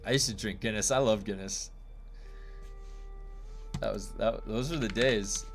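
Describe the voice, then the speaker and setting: A man's voice: fairly low pitch, measured pace, faint music behind. A man from the United States streaming a game and chatting casually with viewers, rambling with many fillers and restarts.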